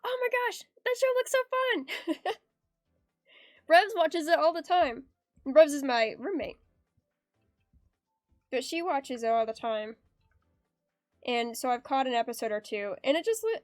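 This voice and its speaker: A woman's voice: high-pitched, a little mellow, dry recording. A young woman streaming her art at home, chatting casually in a bubbly, giggly way and reading her chat aloud. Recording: dry close sound with faint background music.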